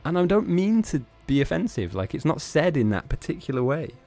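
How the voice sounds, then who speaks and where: A man's voice: a little high, very animated, brisk, a little mellow. A man hosting a live-streamed game tournament, chatting casually in a rambling, self-mocking way with frequent laughs.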